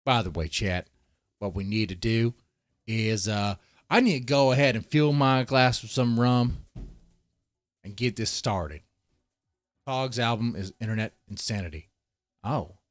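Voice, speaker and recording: A man's voice: lowish voice, a little slow, pauses often, no room sound. Rambling, profane man hosting a livestream. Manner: rambling, profane, talks directly to chat. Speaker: livestream host. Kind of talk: casual livestream commentary.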